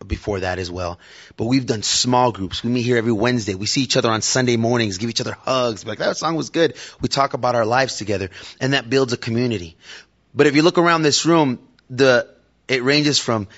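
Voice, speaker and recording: A man's voice: medium pitch, a bit bright, lo-fi sound. A man giving a casual, conversational sermon to his church and joking with the audience. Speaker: lay preacher. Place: church hall.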